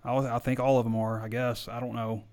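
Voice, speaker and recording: Man, sports podcast host, casual rambling chat, mid pitch, slightly worn voice. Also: level tone, fairly quick, darkish tone. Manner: rambling, hesitant, repeats himself. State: voice wearing out. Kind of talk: casual chat answering listener questions.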